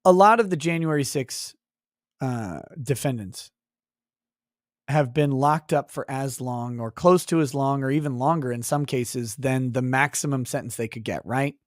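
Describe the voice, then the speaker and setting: A man's voice: mid-range voice, normal speed, no room sound, clean studio sound. A man hosting a live stream, reading chat aloud and going on profane mock rants. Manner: profane, mock-ranting at chatters. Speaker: livestream host.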